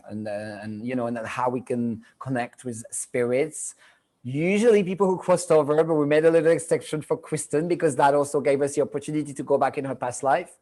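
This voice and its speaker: A middle-aged man with a French accent and a mellow, medium-pitched voice runs a live video-call show as a medium. His talk is chatty and meandering, with frequent repetition, captured by his computer microphone.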